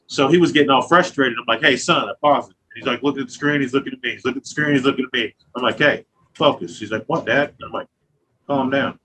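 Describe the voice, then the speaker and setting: A man's voice: mid-range voice, very fast, a bit bright, a little hiss or hum, low-quality recording. A man in his thirties, a glass artist, talking casually and profanely in an interview, telling stories with lots of filler phrases. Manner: profane, loose, storytelling with acted quotes.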